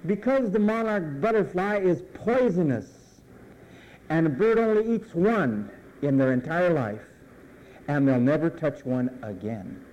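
Male preacher, high voice, emphatic, drags out his endings, kinda muffled lo-fi sound. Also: darkish tone. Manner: emphatic, with drawn-out falling phrase endings. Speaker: pastor. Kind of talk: sermon.

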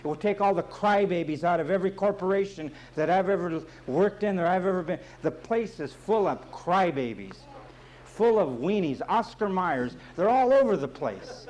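A man's voice: sits high, animated, normal speed, a little mellow. A man preaching as pastor, emphatic and repetitive, with folksy asides and jokes. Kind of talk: sermon.

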